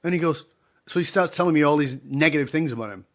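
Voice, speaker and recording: A middle-aged man who speaks on leadership tells stories as a podcast guest, voicing both sides of each exchange. His voice is slightly high, quick and somewhat bright.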